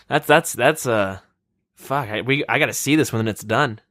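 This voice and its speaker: A man's voice: medium pitch, a little slow, fairly bright tone, dry recording. Dry-voiced joking young man. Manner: joking, swears freely, asks questions. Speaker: podcast co-host. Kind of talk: casual gaming chat.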